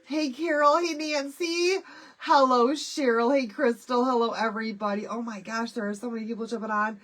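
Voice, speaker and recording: A woman's voice: on the high side, fairly even intonation, normal speed, fairly bright tone. A middle-aged woman from Michigan hosting a casual live craft stream, nasal and stuffy from a head cold, chatty and bubbly as she greets viewers by name. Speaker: craft livestream host.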